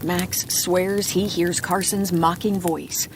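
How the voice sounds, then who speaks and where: A woman narrating a bedtime audiobook in a calm, soft reading voice. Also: mid-range voice, unhurried, slight background noise.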